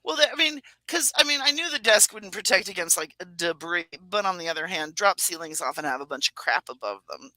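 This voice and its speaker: Brief: man from the Pacific Northwest, chatty co-host, very bright and edgy tone, dry close mic, rambling with lots of laughs. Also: sits high, animated, a little fast, hardly any pauses, dry recording, low-quality recording. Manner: rambling, self-mocking, laughs often. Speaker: podcast co-host. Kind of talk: casual chat.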